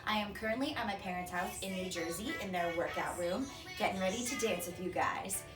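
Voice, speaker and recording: A young woman teaching a children's dance warm-up from a home workout room, cheerfully counting beats and coaching. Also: mid-range voice, a little fast. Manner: bright, encouraging, counts beats aloud. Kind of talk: upbeat kids' dance class instruction. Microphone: camera across the room. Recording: echoey room from far off, with music. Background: music playing.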